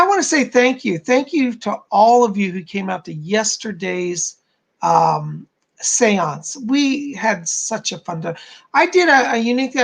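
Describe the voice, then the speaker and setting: A man's voice: high-pitched, vocal fry. A man hosting a psychic live stream, chatting casually and bubbling over as he greets viewers by name and reads their comments.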